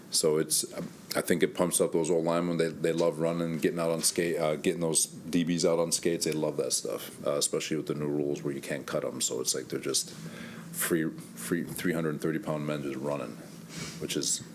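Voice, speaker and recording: Very low-pitched man, head coach at a press conference, candid and conversational, slightly winded. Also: a little hiss or hum. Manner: candid, conversational, thinks aloud. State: a little winded. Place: press room.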